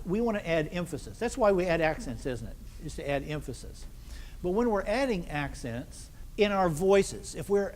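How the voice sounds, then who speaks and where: A conductor with a high-sided, darkish voice leads a band rehearsal, asking questions, answering them himself, and counting the players in. The rehearsal hall gives a long reverb with faint noise underneath.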